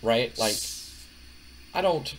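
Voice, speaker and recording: A man's voice: mid-range voice, animated, slow, slight background noise, low-quality recording. A man voicing a hurt, put-upon young woman who stammers and hesitates. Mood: hesitant.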